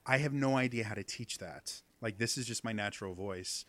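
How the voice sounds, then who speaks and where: A man with a Midwestern American accent, a podcast guest who explains accents eagerly and in quick bursts. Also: fairly low pitch, a bit bright, no room sound. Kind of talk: casual podcast chat.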